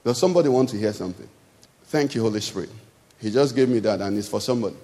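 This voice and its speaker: A man's voice: on the low side, rapid-fire, mellow. A man with a Nigerian English accent preaching a sermon as pastor. He talks conversationally and keeps asking the congregation questions. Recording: long hall reverb.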